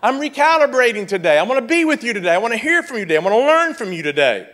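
A male pastor delivers a sermon in a high-pitched voice. His preaching is fervent, rising to loud exclamations and then settling into quieter explanation of scripture. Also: very animated, very fast.

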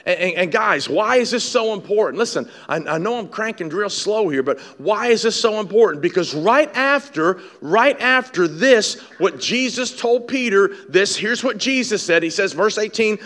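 A male pastor preaching a sermon, building to shouted, repeated emphasis and often stammering over his restarts. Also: high voice, animated, normal speed, hardly any pauses.

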